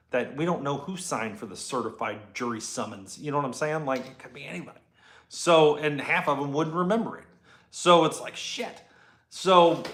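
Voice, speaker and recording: A man in his forties telling a story casually to camera, animated and swearing, acting out the people he quotes. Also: medium pitch, roomy sound. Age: 40s. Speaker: shop owner vlogger. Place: garage workshop.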